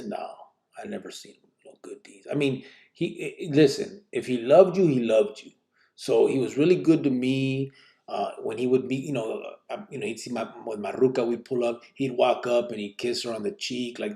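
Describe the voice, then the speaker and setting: A man hosting a live podcast, reading listener questions and telling stories in relaxed street slang sprinkled with Spanish words. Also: medium pitch, normal speed, creaky. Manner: reads out listener questions and answers them. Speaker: podcast host. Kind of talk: live podcast, casual storytelling.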